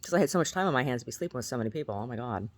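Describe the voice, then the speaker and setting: A woman's voice: very deep voice, animated, very fast, very noisy. A middle-aged woman telling rambling stories to her camera, laughing and repeating herself as she goes. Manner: rambling, laughing, self-mocking storyteller; repeats words and restarts often. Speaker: vlogger. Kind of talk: casual monologue to camera.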